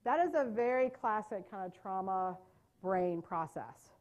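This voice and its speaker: A woman giving a live workshop lecture on trauma-informed care. She talks in a lively, conversational way and keeps checking in with her listeners. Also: mid-range voice, unhurried, dull audio.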